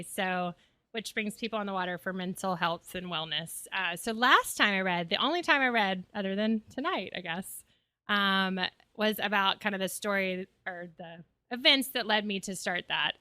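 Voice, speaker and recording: A woman's voice: mid-range voice, moderate pace, pushed and bright, smooth, dry recording. A woman from the Gulf Coast introducing herself before telling a story live, casual and a little nervous. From local Gulf Coast. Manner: nervous, casual, hesitant with fillers. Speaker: nonprofit founder and storyteller. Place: live event on stage. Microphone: handheld microphone.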